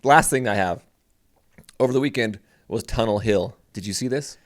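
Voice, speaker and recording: A man's voice: mid-range voice, normal speed. A man co-hosting a podcast in casual banter. He teases his co-host, laughs a lot and jumps from topic to topic. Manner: teasing, laughs often, jumps between topics.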